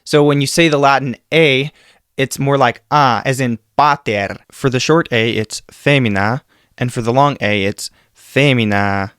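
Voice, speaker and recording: A man giving a scripted Latin pronunciation lesson, saying example sounds slowly and carefully. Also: mid-range voice, a bit bright, clean tone, dry recording, studio quality. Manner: slow, careful demonstration of sounds. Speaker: Latin teacher.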